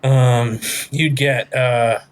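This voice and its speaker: A man's voice: medium pitch, steady tone, very slow. Male podcast host, casual chat, rambling, jokey, full of fillers.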